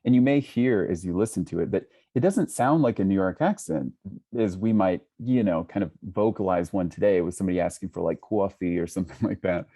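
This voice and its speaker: A man talking as a guest scholar on a video call, thoughtful and hesitant, with frequent restarts and soft laughs. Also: deep voice, a little fast. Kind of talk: casual conversation on a video call.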